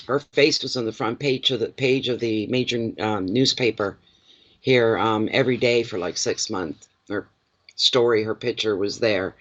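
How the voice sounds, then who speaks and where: A man's voice: medium pitch, a bit bright, lo-fi sound. A middle-aged man and intuitive card reader, chatting emotionally and telling stories on a casual livestream.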